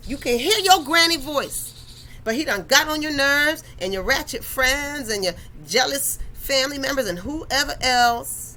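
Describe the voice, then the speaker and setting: A woman's voice: high voice, lively intonation, measured pace, bright, forceful tone, slight background noise, rough recording. A woman hosting a faith talk, addressing listeners directly in a conversational, preachy way. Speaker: podcast host.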